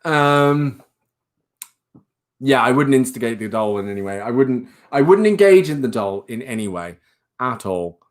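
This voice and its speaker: A man's voice: expressive, normal speed. A man hosting a casual livestream, rambling and laughing as he reads out viewer comments. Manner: coos in a high baby voice at a pet rabbit. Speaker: livestream host.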